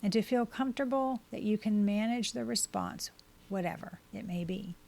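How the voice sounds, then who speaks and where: A woman hosting a podcast, reading scripted advice in a steady, measured way as she works through a list of tips. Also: mid-range voice, gravelly. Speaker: podcast host and life coach.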